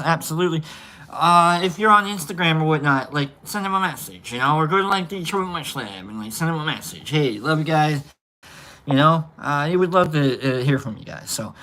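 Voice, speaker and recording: Man, casual livestream host, bright voice, slightly high, rambling, jokey, filler-heavy. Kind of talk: casual livestream sign-off reading chat names. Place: indoor room.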